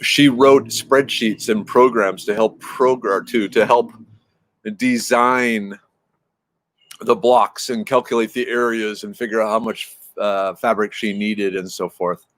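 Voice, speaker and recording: Low-voiced fifties man, dry close sound, easygoing stream host who chats and wanders off topic. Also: steady tone, takes it slowly, fairly bright tone, no echo. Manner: chatty, meandering, answers chat messages as they come in. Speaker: livestream host chatting with viewers. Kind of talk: casual rambling chat.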